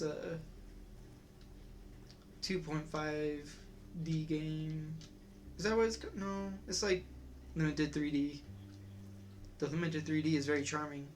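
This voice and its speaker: Chatty, excitable game streamer. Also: medium pitch, a little hiss or hum. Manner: chatty and excitable, thinking aloud. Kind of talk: casual let's-play commentary. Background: faint game music.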